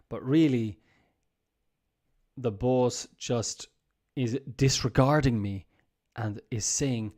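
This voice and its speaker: A man's voice: medium pitch, normal speed, dark tone. A man giving a casual live lesson, explaining office phrases by acting out what a boss says. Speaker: English teacher.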